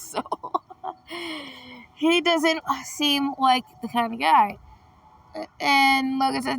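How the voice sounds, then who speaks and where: A chatty woman with a cold and a gravelly, slightly raised voice talks over a game she plays. She laughs often and calls out the characters as she reads. The mic sits some way off from her. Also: on the high side, slow, long pauses, a bit bright, no echo, distant mic. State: has a cold. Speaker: gaming vlogger. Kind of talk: casual commentary reading a chatbot game aloud.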